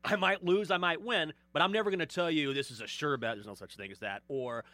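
A man's voice: fairly high pitch, fast talker, sharp tone, no echo. A man who hosts sports radio, explaining his views earnestly and point by point in a casual chat.

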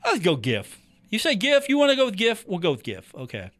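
A man's voice: high voice, huge pitch swings, fairly quick, a bit bright. A man hosting a sports podcast from a talk booth, chatting casually and animatedly about a college football coach and teasing his co-host.

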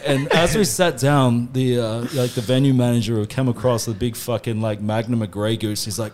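A man's voice: medium pitch, moderate pace, few pauses. A young Australian man hosting a podcast, telling a story to his mates with lots of laughing and swearing. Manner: laughing, swearing, rowdy banter. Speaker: podcast host.

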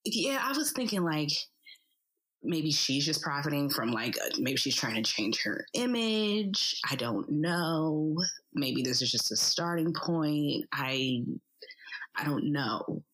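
Low, husky woman, hesitant. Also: big pitch swings, takes it slowly, a bit bright, rough recording. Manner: hesitant and musing, with many likes and restarts. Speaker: podcast co-host. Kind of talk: casual podcast chat. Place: her bedroom.

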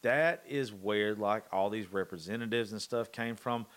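A man's voice: lowish voice, moderate pace, a bit bright. A man with a Southern accent talking politics in a casual chat, profane and emphatic, often repeating himself as he drives a point home.

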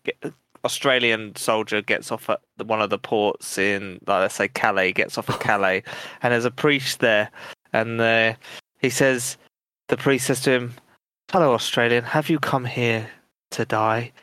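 A man co-hosting a casual gaming podcast, easygoing and quick to giggle. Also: fairly low pitch, fairly even intonation, bright, forceful tone, clean tone, no echo. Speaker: podcast co-host. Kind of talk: casual chat.

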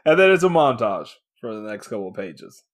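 Animated, laughing man reviewing comics. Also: mid-range voice, a little fast. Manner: animated, swears, laughs often, acts out characters' lines. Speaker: podcast co-host. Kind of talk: casual comic book review chat.

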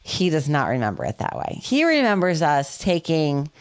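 A woman's voice: deep voice, normal speed. A woman co-hosting a podcast, telling a story in casual chat and acting out phone calls with lots of swearing. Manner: animated, profane, acts out phone calls. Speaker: podcast co-host.

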